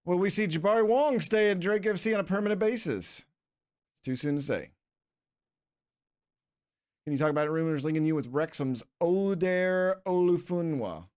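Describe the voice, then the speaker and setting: A man's voice: sits high, animated, brisk, hardly any pauses, a little mellow, clear, resonant tone. A man casually commenting on his football manager game on a live stream, laughing often and reading questions aloud. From England.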